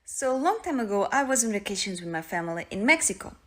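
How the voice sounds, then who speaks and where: A woman from Portugal, a native Portuguese speaker, telling a story in careful, slightly halting English. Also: medium pitch, sing-song. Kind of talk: casual storytelling clip.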